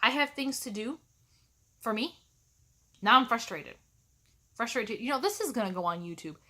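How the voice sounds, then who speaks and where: A woman's voice: a little high, lively intonation, moderate pace, pushed and bright. A woman college instructor ranting to camera in a snarky, sarcastic, exasperated way.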